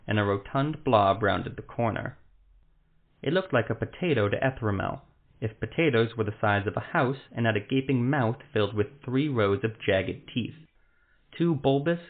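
A man narrates a fantasy story in a measured, dramatic way. His voice sits on the low side. The sound is thin and lo-fi, like a phone line.

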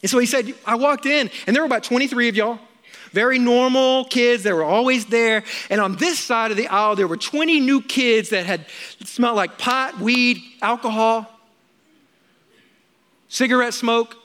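A man's voice: extremely high pitch, normal speed, a bit bright. A middle-aged man preaching a sermon. He tells stories with energy and acts out the dialogue he quotes.

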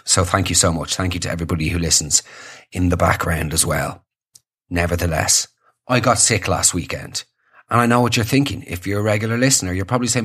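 A man's voice: mid-range voice, fairly bright tone. A young Irish man hosting a comedy podcast, rambling through self-mocking tangents.

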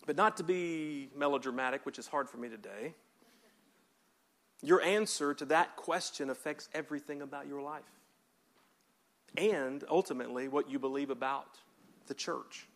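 High-voiced preacher man, emphatic. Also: normal speed, pauses often, fairly bright tone. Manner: emphatic, asks the congregation to repeat words. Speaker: pastor. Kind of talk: sermon.

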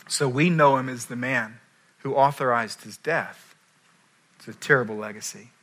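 A middle-aged man preaching a sermon as pastor, telling the story in a lively way and acting out the people he quotes. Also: mid-range voice. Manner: animated storytelling, acts out quoted voices.

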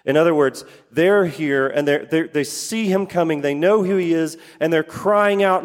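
Pastor guy preaching, fairly high voice, long hall echo, repeats himself a lot for emphasis. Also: normal speed, few pauses. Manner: repeats phrases for emphasis, asks the congregation questions. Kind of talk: sermon.

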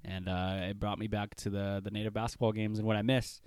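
A young man from Washington state hosts his own podcast alone, rambling in an easygoing, slangy way. His voice is smooth and clean, and the recording is dry and close. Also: lowish voice, little pitch movement, brisk, darkish tone, no room sound. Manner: laid-back, rambling, says bro and dude. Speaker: podcast host. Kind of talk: casual solo podcast monologue.

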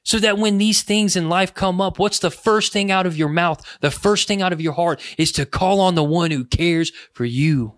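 A man's voice: sits high, normal speed, few pauses, no room sound, clean studio sound. Earnest man preaching a podcast sermon. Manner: earnest, pleading, swells loud on key phrases.

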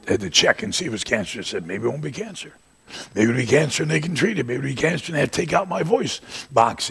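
Gravelly older preacher with a drawl. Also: male voice, medium pitch. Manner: rising to shouts, then dropping to quiet asides. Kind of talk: sermon.

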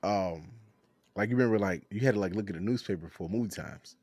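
Low-voiced rambling male podcast co-host. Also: fast, darkish tone, breathy edge, dry recording. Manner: rambling, heavy on "like" and "you know". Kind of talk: casual chat.

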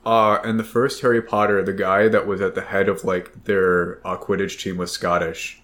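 A man's voice: low voice, little pitch movement, moderate pace, fairly bright tone. A young American man co-hosting a casual podcast, rambling and joking, often acting out quotes. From United States. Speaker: podcast co-host. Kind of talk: casual chat.

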